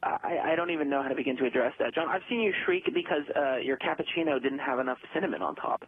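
A man teasing his friend in an improvised comedy sketch, his delivery lively and full of swoops. His voice is husky. The sound is tinny, like a phone line. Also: medium pitch, fast talker. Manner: animated, needling, cheeky.

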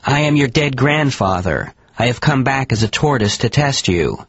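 A man's voice: medium pitch, expressive, moderate pace, fairly bright tone, slightly rough, no echo, lo-fi sound, voice pushed up. A man voicing a gloomy lonely talking tortoise. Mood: stern.

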